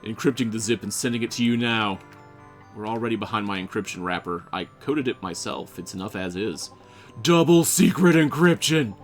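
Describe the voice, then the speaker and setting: A man's voice: lowish voice, fairly even intonation, fairly quick, soft background music. A man casually playing through a game, reading its text aloud and chatting, often tripping over words. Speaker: game player.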